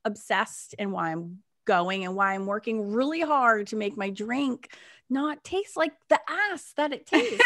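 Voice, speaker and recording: A middle-aged American woman co-hosting a podcast, chatting in a rambling, animated way and laughing often. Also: mid-range voice, unhurried. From United States. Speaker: podcast co-host. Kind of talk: casual chat.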